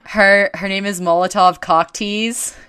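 A woman's voice: mid-range voice, steady tone, a little slow, pushed and bright, smooth. A woman, co-hosting a podcast in casual chat, rambling, laughing often and swearing freely. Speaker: podcast co-host.

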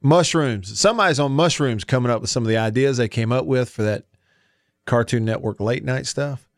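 A man's voice: mid-range voice, brisk, no echo. A man hosting a talk radio show from a studio, rambling chattily and reading live ads. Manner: rambling, chatty, self-interrupting. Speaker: radio sports show host.

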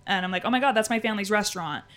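An animated woman trades stories in a relaxed group chat. She throws herself into her anecdotes and bounces into the voices of the people she quotes. Her pitch sits in a middle range for a woman. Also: rapid-fire. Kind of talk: casual chat. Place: lives in Salt Lake.

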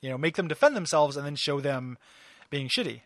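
Guy doing podcast chat, fairly high bright voice, laughs a lot, dry sound. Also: animated, fairly quick, no echo. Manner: loose and laughing, lots of fillers and restarts. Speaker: podcast co-host. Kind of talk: casual chat recapping a cartoon episode.

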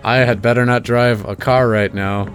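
A man narrating as game master of a tabletop game, talking in a relaxed, rambling way with many fillers. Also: mid-range voice, normal speed, soft background music.

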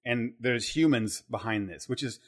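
A man's voice: mid-range voice, normal speed. A man in casual podcast conversation about a film, rambling and restarting as he thinks aloud.

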